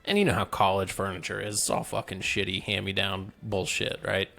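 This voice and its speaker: A man's voice: low voice, little pitch movement, fairly quick, creaky, pushed and bright. A young man co-hosting a podcast, rambling through stories in casual chat and swearing often. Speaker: podcast co-host.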